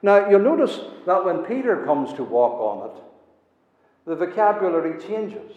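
A man's voice: high-pitched, very animated, a little slow. A man preaching a sermon, emphatic and repeating his key words for weight. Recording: echoey hall, dull lo-fi sound.

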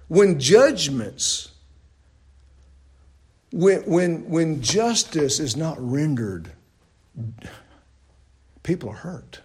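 A man preaching a sermon, asking his listeners loud questions and dropping to low, hushed lines. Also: sing-song, drawn-out words, long pauses, slightly rough.

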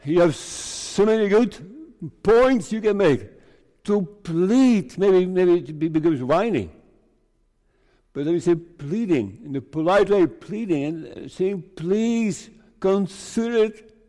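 A man preaching a sermon to his congregation, speaking slowly in short, measured phrases. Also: high voice, lively intonation, dark tone. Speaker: pastor. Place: church. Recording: reverberant church hall.

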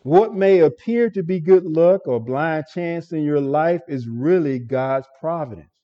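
A man's voice: fairly high pitch, expressive, measured pace, mellow, dull audio. A man preaching an expository sermon as pastor, earnest and stumbling over repeated words as he explains a passage.

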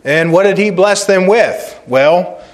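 A high-voiced male pastor preaches, repeating phrases to drive them home. He moves back and forth between loud emphasis and quiet, slow moments.

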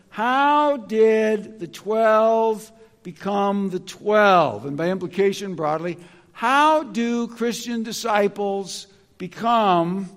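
Slow-preaching man in a reverberant hall. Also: high voice, fairly bright tone. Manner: deliberate, repeats phrases for emphasis. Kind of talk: sermon. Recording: long reverb of a large hall.

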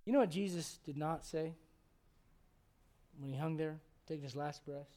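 A pastor with a fairly high-pitched voice delivers a sermon, swinging between hushed passages and loud, near-shouted ones while firing off rapid rhetorical questions.

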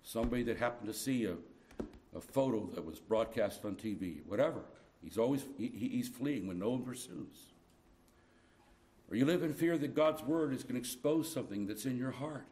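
A man's voice: medium pitch, animated, normal speed. Man preaching with rising urgency. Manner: earnest, swings from hushed tenderness to loud urgent appeals. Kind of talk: sermon.

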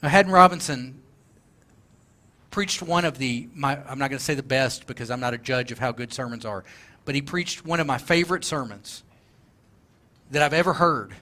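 A man's voice: medium pitch, normal speed, long pauses, pushed and bright. A male pastor preaching a sermon, earnest and emphatic, repeating his key points.

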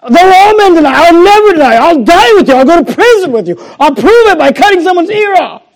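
A male preacher voicing an impassioned male disciple who loudly swears he will stay loyal, his voice pushed high and pleading. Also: sing-song, fast, exaggerated voice, rough recording. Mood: vehement. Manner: high, loud, pleading declarations.

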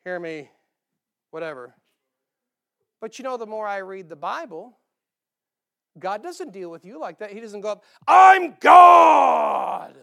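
Man preaching a lively sermon. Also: sits high, moderate pace. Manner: animated preaching, acts out quoted voices, quiet asides. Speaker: pastor.

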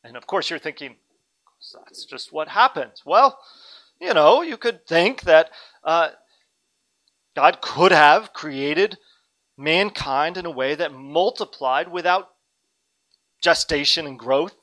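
Bright-voiced man preaching a sermon. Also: on the high side, expressive, takes it slowly, long pauses, rough recording. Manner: earnest, dynamic preaching with asides. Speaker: pastor.

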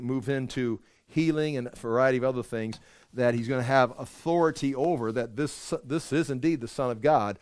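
A man preaching as a pastor, explaining scripture in a conversational, animated way with frequent restarts. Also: mid-range voice, no echo, studio quality. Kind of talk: Bible study sermon.

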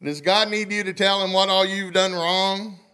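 A man's voice: high voice, fairly even intonation, normal speed, bright, forceful tone, clear, resonant tone. A male pastor, preaching a sermon in church, reading scripture aloud and asking the congregation questions. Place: church sanctuary.

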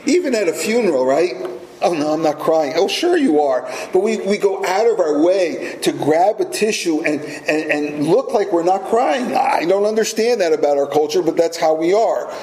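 A man preaches emphatically, throwing out rhetorical questions as pastor. His voice sits a little high yet sounds mellow and relaxed. The roomy echo of a church and a faint hum of ambience hang around him. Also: normal speed, few pauses. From United States. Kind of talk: sermon.

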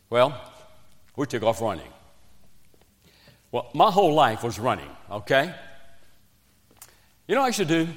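Preacher with hall reverb. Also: male voice, mid-range voice. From West Virginia. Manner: animated storytelling, swings between loud emphasis and quiet asides. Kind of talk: revival sermon. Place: church sanctuary. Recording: long reverb of a church hall.

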